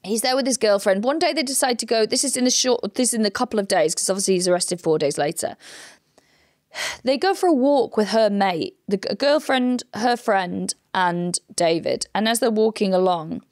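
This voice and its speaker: A woman comedian co-hosting a podcast, telling a crime story in a casual, animated way and swearing freely. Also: medium pitch, normal speed, no room sound, clean studio sound. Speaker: comedian co-host retelling a true crime case.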